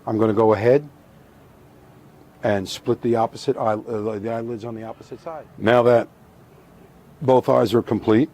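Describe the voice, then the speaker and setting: A middle-aged man teaching a hands-on craft, talking through each step in a calm, methodical way and repeating the key points. His voice is mellow and dark, with a dry, understated humor. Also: medium pitch, moderate pace, long pauses. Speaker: taxidermy instructor. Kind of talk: hands-on demonstration.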